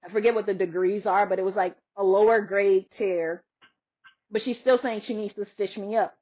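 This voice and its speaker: A woman's voice: medium pitch, moderate pace. A woman podcaster in a casual chat, telling a story with lots of laughter and acting out what others said. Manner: animated, laughs often, acts out quoted voices. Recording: dull lo-fi sound.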